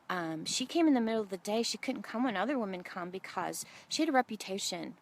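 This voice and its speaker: A woman's voice: mid-range voice, quick pace, hardly any pauses. A middle-aged woman preaching a sermon, telling funny stories and acting out the voices in them. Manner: animated storytelling, acts out quotes.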